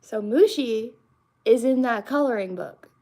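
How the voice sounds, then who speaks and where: A young woman with a slightly high, warm voice chats casually and unhurriedly with her stream viewers. Her live-stream talk rambles, full of fillers and restarts.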